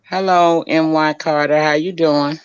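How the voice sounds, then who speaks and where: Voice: mid-range voice, flat delivery, unhurried, clean tone, no echo. Sassy caller on a muffled line. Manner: curious, sassy. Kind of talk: casual chat. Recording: dull lo-fi call audio.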